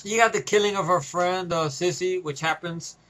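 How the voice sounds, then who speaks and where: A man's voice: sits high, moderate pace, fairly bright tone. A man giving a casual, loose movie review, swearing freely and chuckling often.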